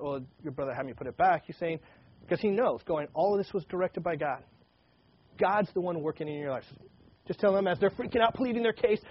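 Man, preacher, reads and retells Scripture, casual and animated, husky voice, muffled lo-fi sound. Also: a little high. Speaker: pastor. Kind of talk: Bible teaching, reading and commenting.

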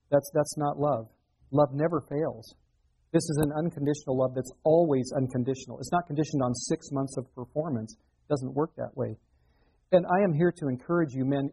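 Middle-aged male pastor, mellow and slightly husky, conversational sermon delivery. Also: fairly high pitch, poor audio. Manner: conversational preaching with rhetorical questions.

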